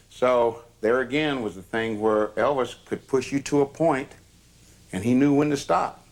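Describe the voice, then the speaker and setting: A man's voice: medium pitch, steady tone, a little slow. An older man telling stories in a plainspoken, emphatic way. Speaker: storyteller. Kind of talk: reminiscing anecdotes.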